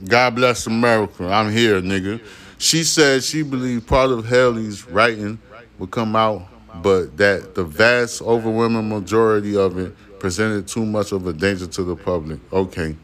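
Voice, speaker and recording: A man's voice: fairly low pitch, normal speed, a bit bright. A man hosting a podcast, reading news aloud and breaking into irritated, profane rants. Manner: profane, irritated ranting between read passages. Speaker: podcast host.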